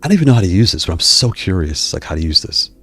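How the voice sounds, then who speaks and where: A man's voice: low-pitched, big pitch swings, very fast, fairly bright tone, husky, no echo. A man hosting a live stream, chatting casually with viewers in a rambling way, often stopping himself mid-sentence. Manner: rambling, self-interrupting, digressive. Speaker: YouTube host reading live chat.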